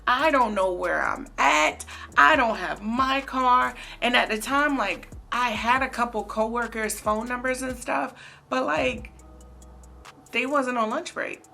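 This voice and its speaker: Young woman, bright tense voice, casual storytime, slangy, animated. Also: a little high, unhurried, gravelly, faint music behind. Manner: animated, slangy, addresses viewers as baby and girl. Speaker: vlogger.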